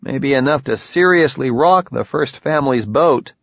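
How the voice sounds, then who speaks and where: A man plays a hard-edged male envoy agent in an audiobook, voiced noticeably higher than the narration. He pushes, needles and swears. The sound is dry and slightly dull. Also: gravelly, a bit bright, no room sound. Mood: pressing. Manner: wry, pressing, quick to swear. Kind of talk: audiobook character voice.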